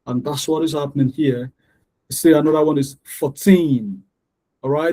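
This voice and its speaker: Guy tutoring english stress patterns, mellow low-key voice, says the example words over and over slow. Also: low-quality recording. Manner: explanatory, repeats words to demonstrate stress. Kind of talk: online lesson.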